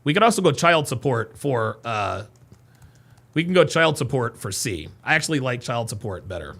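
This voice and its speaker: A podcast host, reading out viewer comments on a livestream, excitable and loud, with frequent exclamations. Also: male voice, mid-range voice, moderate pace. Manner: excitable, laughing often, loud bursts of exclamation.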